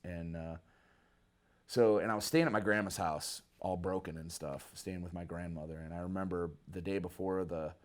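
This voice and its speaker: A man from Michigan, a guest musician, telling a story casually in an interview, animated and loose with slang. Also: low-pitched, moderate pace. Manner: animated, acts out quoted people with a raised voice, casual slang. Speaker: guest musician, bass player.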